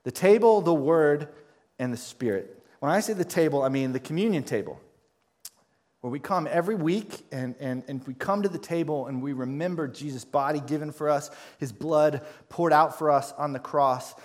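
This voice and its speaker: A man's voice: on the high side, moderate pace. A male pastor preaching a sermon to his congregation, emphatic, with repeated phrases and rising questions.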